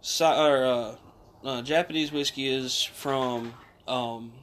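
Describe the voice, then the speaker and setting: A man's voice: mid-range voice, steady tone, slow pace, a bit bright, slight background noise. A man in casual chat, explaining drinks patiently with many fillers and restarts.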